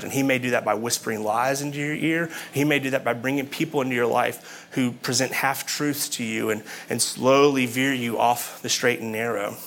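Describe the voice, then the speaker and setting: A man's voice: mid-range voice, a bit bright. A man preaching a sermon, talking conversationally and asking his listeners questions.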